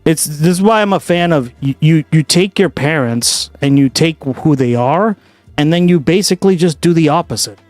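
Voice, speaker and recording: A man's voice: a little high, animated, moderate pace, a little mellow, no room sound, faint music behind. A man hosting a livestream, chatting casually and profanely with his viewers. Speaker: livestream host. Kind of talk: casual stream chat.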